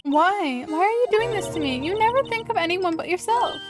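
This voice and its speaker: Brief: woman playing an eager, science-minded young girl in a game, very high and bright, game music behind. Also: expressive, fairly quick. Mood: earnest. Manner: eager, pleading. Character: earnest young girl who loves science.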